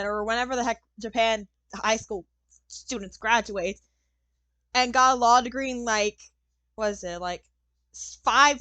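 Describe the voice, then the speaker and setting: A young woman hosting a let's-play, joking and reacting with loud exclamations and laughter. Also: sits high, no echo. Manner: excitable, jokey, bursts of loud laughter and exclamations. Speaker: gaming channel host.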